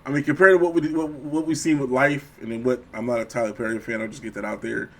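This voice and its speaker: A man's voice: medium pitch, flat delivery, fast, a bit bright. A middle-aged man co-hosting a podcast, talking casually and profanely, often acting out quoted voices. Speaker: podcast co-host. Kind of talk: casual chat.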